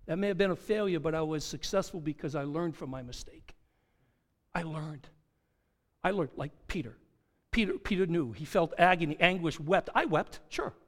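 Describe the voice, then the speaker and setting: Preaching a sermon built around a personal story, this man speaks at a fairly high pitch. He slows down to repeat key phrases for emphasis, his volume rising and falling between soft and loud.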